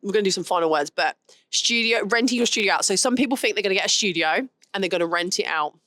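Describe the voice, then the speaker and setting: A woman hosting a casual podcast chat, telling stories in an animated way with quick asides. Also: mid-range voice, dry recording. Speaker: podcast host.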